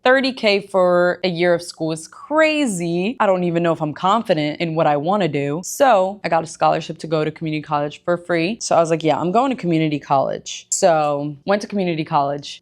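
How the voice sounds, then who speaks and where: A young woman from Egypt tells her own story in a casual, chatty way. Her voice sits a little low. She gets animated and jumps higher whenever she quotes someone. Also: brisk, few pauses. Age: young adult. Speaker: personal trainer and gym owner.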